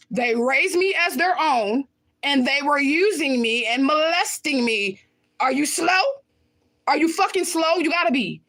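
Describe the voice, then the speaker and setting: A woman's voice: a little high, fairly bright tone. A woman livestreaming and answering viewer comments in a blunt, confrontational way, swearing often and repeating her points for emphasis. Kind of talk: casual livestream talk.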